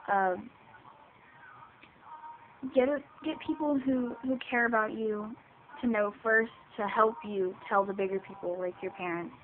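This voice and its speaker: With a voice on the high side, a seventeen-year-old girl speaks at a measured pace with long pauses in a personal vlog to camera. She sounds hesitant, often saying um and restarting, and the sound is tinny, lo-fi and hissy.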